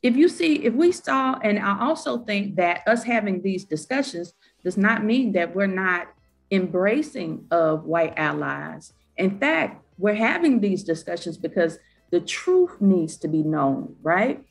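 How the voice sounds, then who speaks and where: A woman with a Southern US accent speaks emphatically on a discussion panel, often tagging her points with a checking "right?". She talks as a college professor, steady in pitch, with faint music under her voice. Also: measured pace, vocal fry. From Southern United States.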